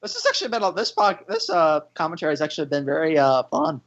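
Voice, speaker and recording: A co-host in a casual movie commentary, with a voice that swings widely in pitch and often restarts mid-sentence. The recording is dull and lo-fi. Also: wildly swooping pitch, fast talker, a bit bright. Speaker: podcast co-host.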